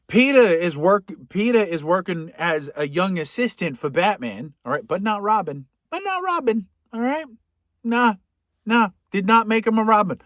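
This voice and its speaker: A man with a Boston accent rants through a comedic movie recap, sarcastic and profane. His voice sits a bit high. The recording is dry and close. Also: a bit bright, dry recording. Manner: sarcastic, profane, rambling asides. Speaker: podcast host.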